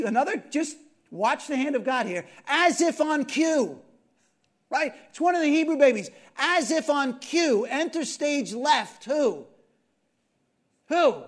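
A male preacher telling a story from the pulpit, his high voice swinging widely in pitch. He throws in asides and questions to his listeners, dropping to a murmur and then rising again. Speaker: pastor. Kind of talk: sermon.

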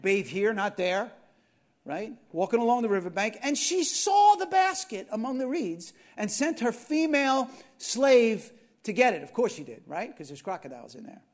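Man, preacher, high voice, very lively pitch, animated storytelling, sermon. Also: moderate pace. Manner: animated storytelling with asides and questions to the audience. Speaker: pastor.

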